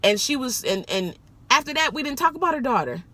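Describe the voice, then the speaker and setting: A woman rideshare driver telling a story in a casual vlog, animated and profane, jumping up high when she makes a point. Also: brisk.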